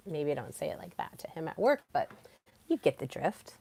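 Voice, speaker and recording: A woman's voice: low voice, sing-song, a little fast, vocal fry, warm tone, breathy edge. A woman hosting a solo podcast, talking frankly and casually, swearing freely and sharing personal stories. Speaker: podcast host. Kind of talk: candid solo podcast monologue.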